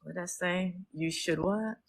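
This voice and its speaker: A woman's voice: on the low side, moderate pace, gravelly, low-quality recording. A woman hosting a casual livestream who speaks emotionally and outspokenly, swears freely and reads out viewer comments to thank them. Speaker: livestream host and activist. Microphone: phone livestream.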